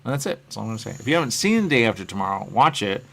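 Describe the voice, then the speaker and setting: Gravelly, rambling man on a live stream. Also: lowish voice, very animated, very fast. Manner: musing and meandering, trailing off quietly at phrase ends; reads out and answers viewer comments. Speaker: host of a live stream talking about his comic covers.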